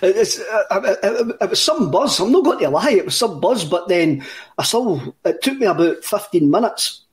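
Scottish man, fairly high voice, casual storytelling, repeats himself, laughs through it. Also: very animated, moderate pace. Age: 30s. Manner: rambling, repeats words, laughs often. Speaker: podcast co-host.

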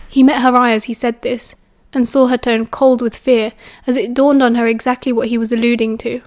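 A British woman narrating a story as an audiobook in a steady, even storytelling manner. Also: a little high, fairly quick, hardly any pauses. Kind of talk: fan audiobook reading.

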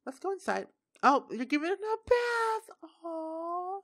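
A young woman casually commenting on her own gameplay, chatty and quick to react. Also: extremely high pitch, sing-song. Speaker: gaming YouTuber. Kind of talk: casual let's-play commentary.

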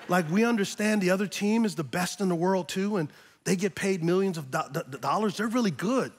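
A pastor in his fifties preaching a sermon in a church, moving between quiet, slow teaching and loud, rising exhortation. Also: high-pitched. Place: church auditorium.

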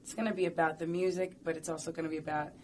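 A woman's voice: low voice, flat delivery, racing, a little hiss or hum. A woman talking casually and playfully in an interview, rambling and chatty with lots of fillers.

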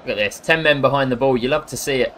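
A man's voice: mid-range voice, fast, fairly bright tone, a little hiss or hum. A man joking and grumbling his way through casual football game commentary. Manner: sarcastic and jokey, with bursts of frustration. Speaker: gaming commentator.

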